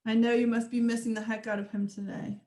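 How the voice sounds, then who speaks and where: A woman hosting a group video call, speaking gently and encouragingly to grieving participants. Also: a little high, flat delivery, fast talker. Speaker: host. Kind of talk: warm group video chat. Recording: echoey room on video call.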